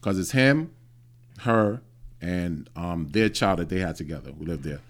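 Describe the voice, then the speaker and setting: A man in his late thirties hosts a podcast in casual talk. His voice sits a little low, and he tells a personal story bluntly, swearing freely. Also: animated, measured pace. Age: 30s. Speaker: podcast host. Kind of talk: casual chat.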